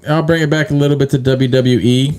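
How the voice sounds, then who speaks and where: A man's voice: medium pitch, fairly even intonation, quick pace, a little mellow, smooth. Profane, joking male podcast co-host. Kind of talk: casual sports chat.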